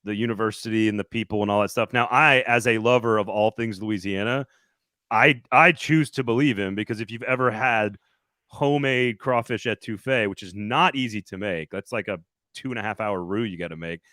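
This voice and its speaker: Low-voiced man in casual sports chat. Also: a little fast, bright, forceful tone, dry recording, studio quality. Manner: rambling, restarts a lot, laughs easily. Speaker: podcast co-host reporting from media days.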